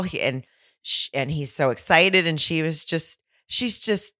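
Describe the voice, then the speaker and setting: A woman co-hosting a podcast, chatting casually about a reality show, animated and incredulous and laughing often. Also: sits low, moderate pace, dry recording, clean studio sound. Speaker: podcast co-host. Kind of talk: casual reality TV recap chat.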